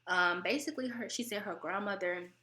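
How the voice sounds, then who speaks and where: A young American woman hosting her own channel, chatting casually and animatedly, laughing often, and her voice sounds a bit teary even when she's not upset. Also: a little fast, slight background noise. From United States. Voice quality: voice sounds close to tears. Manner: animated, laughing, mimics relatives in high voices. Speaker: vlogger host. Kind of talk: casual talking-to-camera chat.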